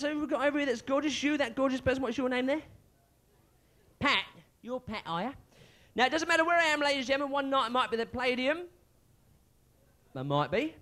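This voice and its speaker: A man's voice: extremely high pitch, bright, forceful tone. A man doing a stand-up comedy set in a small club, bantering cheekily with the crowd.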